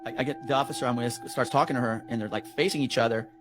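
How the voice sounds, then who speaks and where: Brief: man, mid pitch, rapid-fire rambling yarn, swears freely. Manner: rambling, profane, animated storyteller. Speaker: storyteller recounting a work call. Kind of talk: casual podcast storytelling.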